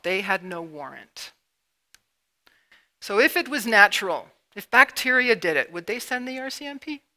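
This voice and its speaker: A middle-aged woman from Canada giving a public lecture, emotional and halting with sudden emphatic bursts. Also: mid-range voice, very animated, sharp tone. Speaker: public speaker. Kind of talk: lecture presentation with slides. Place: university lecture room.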